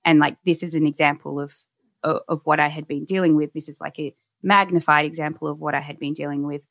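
A woman with a low-pitched voice recounts her own experiences in a candid, reflective way, often restarting her sentences. The sound is dry and close, with no room echo. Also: fairly even intonation, fast, vocal fry, fairly bright tone. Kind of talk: personal storytelling.

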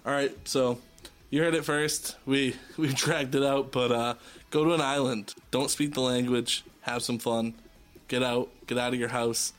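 A man's voice: mid-range voice, steady tone, unhurried, faint music behind. A man with a Boston accent hosting a podcast in loose, joking, profane casual chat. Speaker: podcast host.

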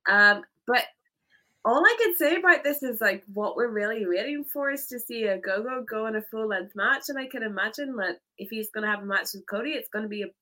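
A woman's voice: a little high, a little fast, pushed and bright, low-quality recording. A woman co-hosting a casual wrestling chat, enthusiastic and emphatic, laughing easily. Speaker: podcast co-host.

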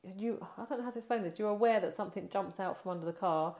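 A woman's voice: medium pitch, quick pace, darkish tone. A woman co-hosting a film podcast in casual chat, often ending remarks with tag questions. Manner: chatty, keeps adding tag questions. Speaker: podcast co-host. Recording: roomy echo.

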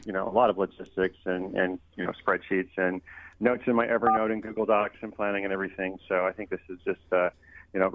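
Man, low voice, fast casual talk, phone line. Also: no echo. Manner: quick, casual, says "like" and "you know" a lot. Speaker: guest author. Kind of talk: phone-in radio interview.

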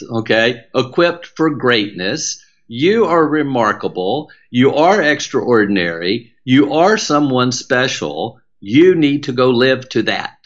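A man's voice: medium pitch, lively intonation, takes it slowly, hardly any pauses. Southern guy, middle-aged, motivational speaker vibe, punchy repeated lines, bit of a dull recording. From American South. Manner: emphatic, preacher-like cadence with repetition. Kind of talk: podcast interview.

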